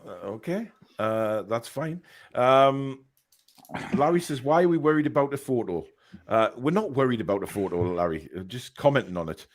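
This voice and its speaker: A man's voice: medium pitch, animated, normal speed. A man hosting a casual football podcast, reading out live chat comments with lots of ums and uhs.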